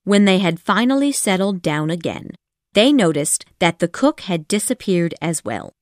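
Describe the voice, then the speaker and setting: A woman narrating an abridged classic storybook audiobook in a calm, measured reading. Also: fairly low pitch, no echo, studio quality.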